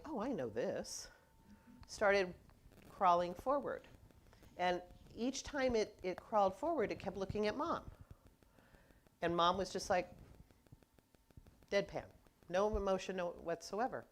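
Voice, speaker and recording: A woman's voice: medium pitch, a little slow, long pauses. A woman minister preaching a conversational sermon, telling stories and acting out people's reactions as she goes.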